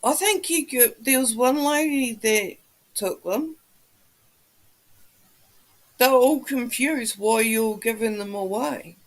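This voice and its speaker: A woman hosting a laid-back livestream, talking slowly and easily with her viewers. Her voice has a gravelly, fried edge. She swears freely as she reads and answers the chat. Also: fairly high pitch, rough recording. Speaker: livestream host.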